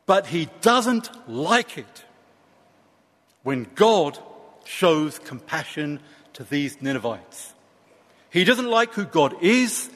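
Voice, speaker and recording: A man preaching a sermon, slow and emphatic with dramatic pauses. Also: a little high, breathy edge, big-room sound.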